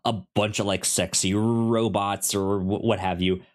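A man co-hosting a podcast, chatting casually in a halting way with many restarts. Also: lowish voice, fairly even intonation. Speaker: podcast co-host. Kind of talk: casual discussion.

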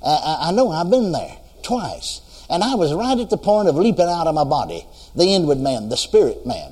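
A man's voice: on the high side, sing-song, normal speed, few pauses, darkish tone, breathy edge. A man preaching a sermon with fervor, breaking into praise exclamations and repeating phrases for emphasis. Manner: fervent, exclaims praises between sentences. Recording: long hall reverb.

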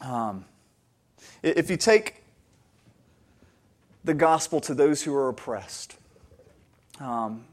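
A man preaching a sermon, earnest and conversational, often restarting his sentences and building to emphatic, louder peaks. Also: mid-range voice, lively intonation, takes it slowly, pauses often. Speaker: pastor.

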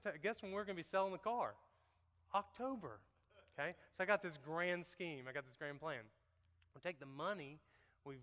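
A man gives a joking, folksy testimony to his congregation, speaking straight to the crowd. His voice sits a little high and comes across bright and forceful. It rings out with the long reverb of a big church hall. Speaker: church member giving testimony.

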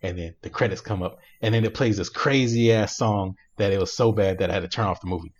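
A man co-hosting a podcast, casually retelling a movie plot in an animated way, laughing often and using many fillers. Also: on the low side, quick pace, lo-fi sound. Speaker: podcast co-host. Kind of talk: casual chat, recapping a movie.

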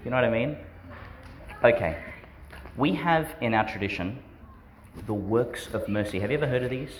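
A man's voice: mid-range voice, animated, moderate pace, a little hiss or hum. A man, a priest giving a homily to schoolchildren in a chatty, questioning way that often breaks into laughs. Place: school church service.

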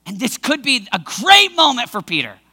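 High bright-voiced man preaching. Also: huge pitch swings, moderate pace, husky, big-room sound. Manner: dramatic, acts out scenes, bursts into shouts. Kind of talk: sermon.

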